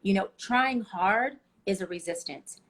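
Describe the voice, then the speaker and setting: A woman with a slightly husky, medium-pitched voice talks as a life coach guest. She speaks passionately and preaches to her listeners, telling her stories with a lot of life. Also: unhurried. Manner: passionate, preachy, animated storytelling. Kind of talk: motivational interview talk.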